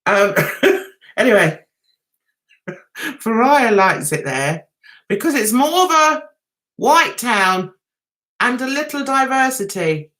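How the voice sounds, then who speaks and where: A London woman hosts a casual livestream, chatting and rambling with viewers, laughing, and singing pieces of songs. Her fairly high, slightly bright voice is very animated yet slow, with long pauses.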